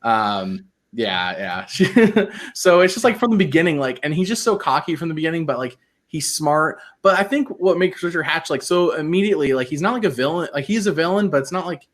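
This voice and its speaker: Lively chatty man on a podcast. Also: on the high side, brisk. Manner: chatty, laughs often, lively rises and falls. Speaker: podcast co-host. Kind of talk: casual podcast chat.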